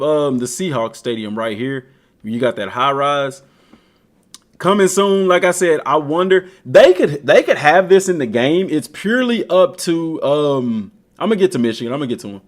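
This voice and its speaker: A man's voice: fairly high pitch, normal speed. A man streaming a video game, giving casual, slangy commentary and talking straight to the team. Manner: slangy, talks to the team directly, animated. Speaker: gaming streamer.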